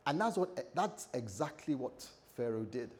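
A pastor preaching a lively sermon, acting out the scripture characters with shifting voice and joking asides. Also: male voice, mid-range voice, a little slow.

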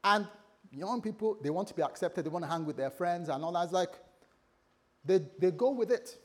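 A man preaching a sermon to a congregation, animated and telling stories with acted-out dialogue. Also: high voice, a little fast. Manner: animated, acts out characters in dialogue.

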